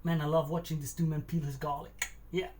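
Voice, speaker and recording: A man's voice: a little high, level tone, a little fast. A man running a cooking livestream, chatting casually, answering his chat and musing aloud as he works in a kitchen. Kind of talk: casual live-stream chat while cooking. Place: home kitchen.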